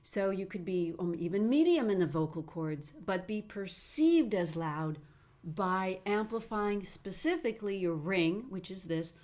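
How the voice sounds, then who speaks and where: A middle-aged woman teaching singing technique in a webinar, talking in a lively way and breaking off to demonstrate sounds with her own voice. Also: mid-range voice, measured pace.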